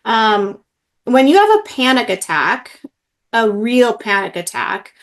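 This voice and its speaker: Middle-aged woman, a healing practitioner, earnest and filler-heavy, pitched a little high. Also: sing-song, takes it slowly. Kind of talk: interview, personal story.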